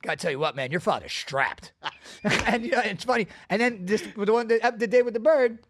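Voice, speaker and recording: A man hosting a podcast, telling stories in casual chat, profane and animated. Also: high-pitched, brisk, a little hiss or hum. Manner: profane, animated storyteller with bursts of loud laughter. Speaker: podcast host.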